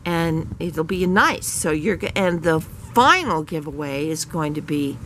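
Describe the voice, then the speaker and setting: A woman's voice: deep voice, lively intonation, a little slow, a bit bright, a little hiss or hum, low-quality recording. A middle-aged woman hosting her own channel, talking casually to camera out in a garden, rambling with many fillers and restarts. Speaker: channel host. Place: outdoors in a garden.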